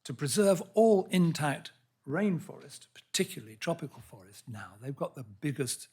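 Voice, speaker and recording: A man giving a public science lecture in a hall, earnest and halting, often restarting his words and reading out quotes. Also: on the high side, animated, warm tone, husky. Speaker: lecture speaker.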